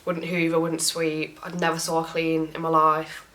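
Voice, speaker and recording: A young woman telling a story in a casual rant, frank and animated, swearing often. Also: deep voice, normal speed, slight background noise, rough recording. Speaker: vlogger.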